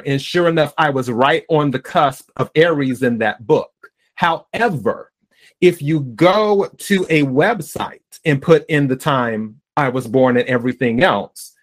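A man in his forties hosts a podcast, his voice set a bit higher than most men's. He chats easily and tells stories, acting out what his friends said. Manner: conversational storyteller, quotes friends. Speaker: podcast host. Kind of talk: casual interview chat.

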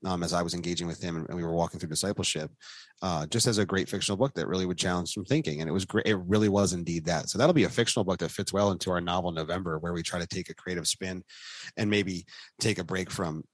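Deep-voiced guy rambling about books on a podcast, dry close sound. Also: steady tone, quick pace, dry recording. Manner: rambling, restarts, faith-focused book talk. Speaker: podcast co-host. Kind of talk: casual chat.

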